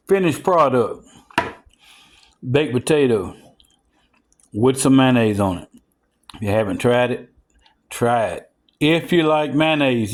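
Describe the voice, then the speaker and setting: A man, casually narrating a home cooking video and chatting straight to viewers with excited whoops. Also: medium pitch, unhurried, pauses often. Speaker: home cook showing a recipe. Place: home kitchen.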